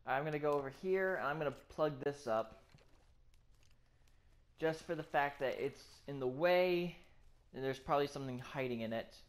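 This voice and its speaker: A let's play gamer giving live gameplay commentary, excitable and swearing constantly while exploring. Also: mid-range voice, normal speed, pauses often.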